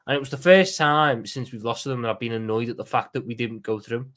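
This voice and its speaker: Fast and fairly bright at a medium pitch, this man's voice carries a Scouse accent from Liverpool, England. He hosts a live watchalong stream in a casual, animated style, frequently swearing and repeating words.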